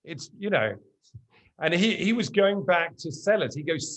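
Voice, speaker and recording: Lively middle-aged male storyteller. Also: fairly high pitch, a little slow. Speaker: guest. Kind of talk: casual conversation.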